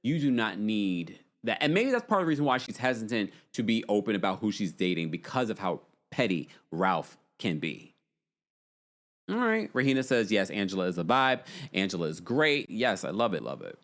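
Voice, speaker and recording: A man's voice: lowish voice, very animated, moderate pace, fairly bright tone. A man hosting a casual livestream recap, chatting and reading out viewer comments as he reacts. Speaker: recap show host.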